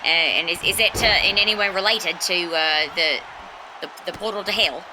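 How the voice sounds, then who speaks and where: Halting co-commentator with a New Zealand accent. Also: medium pitch, background noise. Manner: halting, playful, stumbles over words. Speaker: color commentator. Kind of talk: comedic wrestling commentary.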